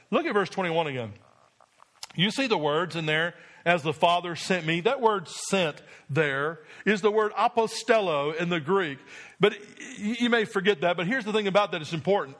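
A man preaching a sermon as pastor, repeating phrases with rising emphasis and dropping his voice low to drive points home. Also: a bit bright.

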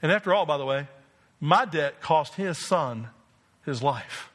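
A man's voice: fairly high pitch, lively intonation, a little slow, a bit bright. A man from New Jersey preaching a sermon as pastor, emphatic and asking the congregation rhetorical questions.

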